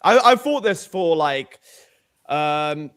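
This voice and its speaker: A young British man talks casually in a high, lively voice that leaps around a lot. He is animated and swears freely, laughing between points as he co-hosts a chat. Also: slow pace, clear, resonant tone. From United Kingdom. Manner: animated, profane, laughing often. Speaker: co-host.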